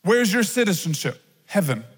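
A man preaching to his church in a lively, conversational way, with frequent asides to the crowd. His voice sits high for a man. A long reverb hangs on every word, the sound of a large church auditorium. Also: normal speed, breathy edge. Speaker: pastor. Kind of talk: sermon.

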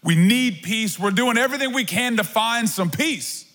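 A man with a very high voice preaches to his congregation, mixing plain talk with playful asides. His words ring out with a long reverb in a church hall. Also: animated, normal speed, fairly bright tone. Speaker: pastor. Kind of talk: sermon.

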